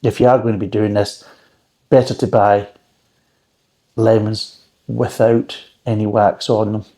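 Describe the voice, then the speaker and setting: A man's voice: fairly low pitch, flat delivery, a little slow, mellow. A man reviewing drinks in a casual, rambling recipe chat, with dry joking asides.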